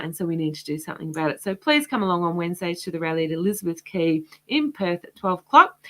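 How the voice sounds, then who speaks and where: Hoarse woman in an impassioned rant. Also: medium pitch, fairly bright tone. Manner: impassioned, rambling. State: hoarse, losing her voice. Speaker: host of a livestream. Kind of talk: casual livestream commentary.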